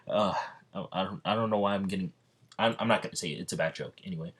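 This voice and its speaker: Man, low voice, casual storytelling, rambling, lots of ums and restarts. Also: fairly even intonation, moderate pace, pauses often, fairly bright tone, husky. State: slightly out of breath. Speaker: fan narrating an imagined crossover story.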